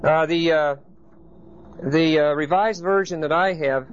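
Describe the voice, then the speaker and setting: A man's voice: a little high, a little slow. A man teaching a Bible study class, explaining each point and often checking in with his listeners. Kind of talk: Bible study lecture to a group. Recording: dull lo-fi recording with faint background hiss.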